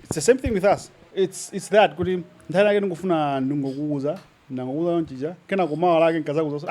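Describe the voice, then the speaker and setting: High-voiced man, casual. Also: fast talker, hardly any pauses, darkish tone. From Malawi. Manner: laid-back, switching between Chichewa and English, laughs often. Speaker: podcast co-host. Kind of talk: casual podcast chat.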